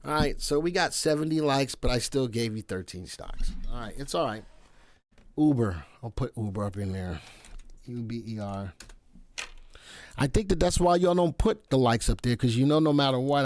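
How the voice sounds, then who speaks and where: A man's voice: medium pitch, expressive, moderate pace, darkish tone. Chatty man hosting a live stock stream. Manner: chatty and playful, talks to viewers by name. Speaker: live stock market show host.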